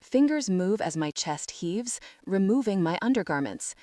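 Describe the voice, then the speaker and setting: A woman narrating a first-person romance audiobook in a soft, intimate, measured read. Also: medium pitch, expressive, dry recording, studio quality.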